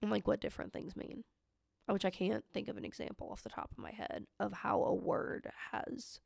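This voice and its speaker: Gravelly young woman, chatty podcast guest. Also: medium pitch, normal speed, no echo, clean studio sound. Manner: rambling, lots of fillers, animated musing. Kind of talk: casual chat.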